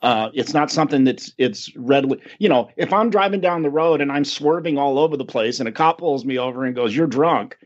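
A man's voice: mid-range voice, brisk, few pauses, dull audio. A man co-hosting a podcast in casual chat, laughing often and telling stories with animation. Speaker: podcast co-host.

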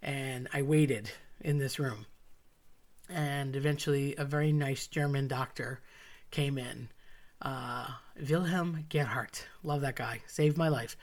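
A woman's voice: extremely low pitch, takes it slowly, darkish tone. A woman telling a personal story with wry, self-mocking asides. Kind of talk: personal story told to an audience.

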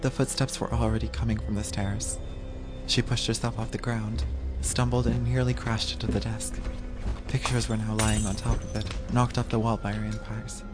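A man narrating a horror audio drama in a measured, even storytelling voice. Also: lowish voice. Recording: music playing under the voice.

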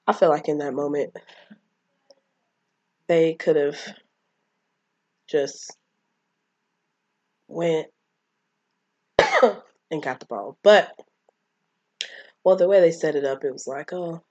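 A woman's voice: deep voice, darkish tone, husky, no echo. A woman casually recapping a film, rambling and acting out the characters' lines. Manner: rambling, acts out quotes of characters. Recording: dull lo-fi mic.

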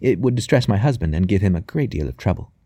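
A poised young wife, sweet on the surface and mocking underneath, who never loses control of the talk, as a male reader puts her on in a higher, lighter voice. The tone is mellow and the recording is close and dry. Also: expressive, quick pace, slightly rough, no room sound. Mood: smoothly persuasive.

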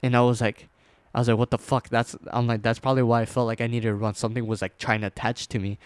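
A young man casually telling a scary personal story, rambling with fillers and restarts, dropping to a hush at tense moments. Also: medium pitch, flat delivery, quick pace, clean tone, no room sound.

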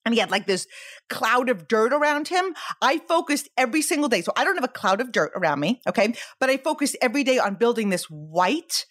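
A woman's voice: on the high side, very animated, brisk, a bit bright. A woman in her forties hosting a motivational podcast, speaking energetically with lots of rhetorical questions and check-ins like "okay?" and "right?". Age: 40s. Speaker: podcast host.

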